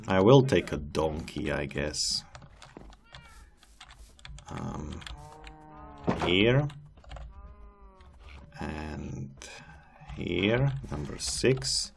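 A man's voice: rumbling low, animated, extremely slow, gravelly, pauses often, a little hiss or hum. A man giving casual gameplay commentary as a channel host, chatty and amused as he coaxes animals along.

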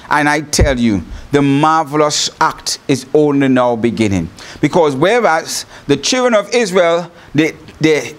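Male bishop, Trinidad and Tobago accent, high-pitched, lively storytelling sermon. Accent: Trinidad and Tobago English. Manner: animated storytelling, laughing often. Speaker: bishop, preacher. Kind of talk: sermon broadcast.

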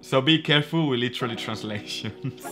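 A man's voice: medium pitch, music in the background. A native Spanish-speaking man with a Spanish accent, teaching vocabulary through a children's story, patient and often laughing. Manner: patient, repeats phrases slowly, laughs often. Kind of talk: reading a story aloud and explaining vocabulary.

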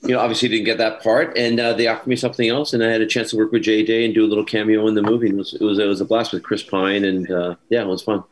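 A man on a video call from home, telling a con anecdote as a panel guest in a lively, rambling way. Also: on the low side, racing, few pauses, low-quality recording. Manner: lively storyteller, many restarts and asides. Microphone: video call mic.

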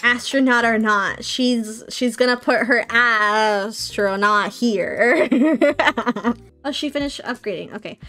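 A woman's voice: on the high side, slow, pushed and bright, soft background music. A woman giving casual let's-play commentary, chatting to viewers and playfully scolding her game characters. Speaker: gameplay streamer.

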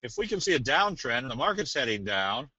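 A man presenting a trading webinar in a casual, folksy, joking way with a salesy pitch. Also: sing-song, fairly quick, sharp tone, husky, no echo. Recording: dull dry webinar audio.

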